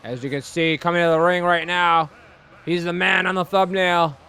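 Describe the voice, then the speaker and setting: Bright-voiced, jokey young game commentator. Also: male voice, high-pitched, steady tone, normal speed, clear, resonant tone. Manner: jokey, rambling, upbeat. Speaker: let's play host.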